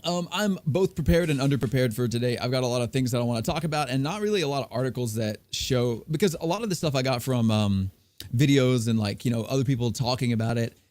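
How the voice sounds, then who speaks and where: A man's voice: mid-range voice, fast talker, a little mellow, no echo. Guy rambling on a podcast, full of ums and likes, pretty dry sound. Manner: rambling, many fillers and restarts. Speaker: podcast host. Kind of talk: casual chat.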